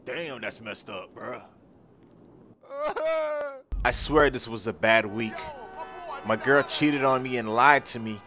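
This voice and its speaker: A man narrating and voicing the lead in a game story video, excitable and slangy. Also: mid-range voice, slow pace, noisy background. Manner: excitable, slangy, often yelling for help.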